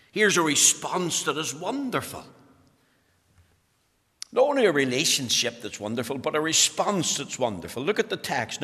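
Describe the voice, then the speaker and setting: Fervent preacher in a reverberant church. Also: male voice, a little high, pushed and bright. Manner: fervent, rising to urgent emphasis. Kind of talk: sermon.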